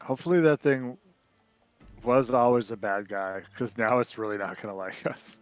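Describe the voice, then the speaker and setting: A man's voice: mid-range voice, normal speed, faint music behind. A man playing a tabletop game, tossing out wry quips at the table. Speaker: player. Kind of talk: casual table talk.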